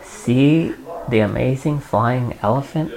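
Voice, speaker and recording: A man reading a storybook aloud and voicing a boastful male circus ringmaster, in a gravelly, slow voice. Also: mid-range voice, darkish tone, low-quality recording. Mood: showy.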